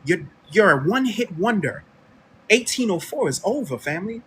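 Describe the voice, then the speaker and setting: A man from the United States hosts an online radio talk show. His delivery is a heated, preachy rant aimed straight at his audience, in a fairly high voice that leaps around with lively swings in pitch. Faint noise sits under the recording. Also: moderate pace. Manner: confrontational, preachy, addresses listeners directly. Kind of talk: heated commentary monologue.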